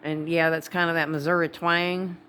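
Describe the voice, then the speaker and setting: A woman's voice: low voice, little pitch movement, normal speed, sharp tone, a little hiss or hum. A woman from Wisconsin with a Wisconsin accent, talking to camera in a rambling, digressive vlog. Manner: rambling, digressive, full of asides. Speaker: vlogger. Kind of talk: casual rambling monologue.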